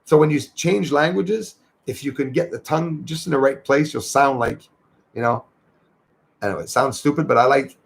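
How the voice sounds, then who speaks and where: Gravelly-voiced man hosting a chatty livestream. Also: mid-range voice, moderate pace. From Canada. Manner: chatty, thanks viewers by name, rambling asides. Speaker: livestream host. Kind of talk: casual livestream chat reading viewer comments.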